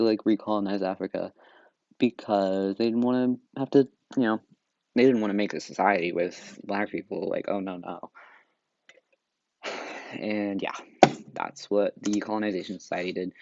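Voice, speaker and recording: A man's voice: on the low side, creaky, darkish tone, no room sound, dull audio. A tired, slightly breathless young man explaining history late at night in a rambling, sarcastic way with lots of fillers, recorded through wireless earbuds. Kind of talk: casual study narration.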